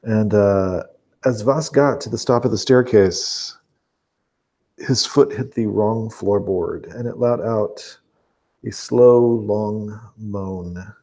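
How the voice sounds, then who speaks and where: A man with a low, mellow voice narrates a tabletop game as game master. He talks haltingly, stopping to restart his sentences and filling gaps with ums. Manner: halting, with many fillers and restarts.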